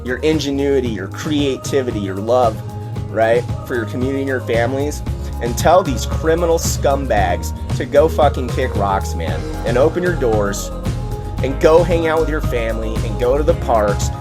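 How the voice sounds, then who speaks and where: A man giving a heated, profane political rant, with sudden loud outbursts. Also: medium pitch, lively intonation, normal speed, music in the background. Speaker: online ranter.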